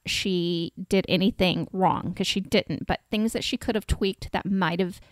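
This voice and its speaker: A woman's voice: on the low side, a little slow, dry recording, clean studio sound. A woman who hosts a podcast as a dating coach, giving frank, direct advice in a casual chat and swearing casually.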